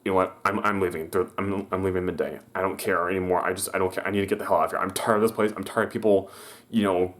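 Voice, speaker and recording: A man's voice: low-pitched, steady tone, fast talker, fairly bright tone. A young man telling a story in a casual vlog, rambling with many restarts and stammers, and acting out the people he quotes in a raised voice. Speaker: vlogger.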